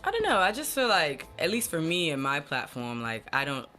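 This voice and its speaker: A woman in her twenties with a deep, low voice, chatting casually as a podcast guest and using lots of fillers. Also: brisk, faint music behind. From born in the US, early years in Ghana, raised in New Jersey. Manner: relaxed, filler-heavy, often says "like" and "you know what I'm saying". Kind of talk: casual conversation.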